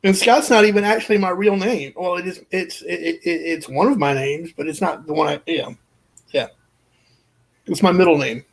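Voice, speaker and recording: High-voiced man joking around on a stream. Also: moderate pace, creaky, low-quality recording. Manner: joking, self-mocking, stumbles over words. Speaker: guest on a live stream. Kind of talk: casual joking chat.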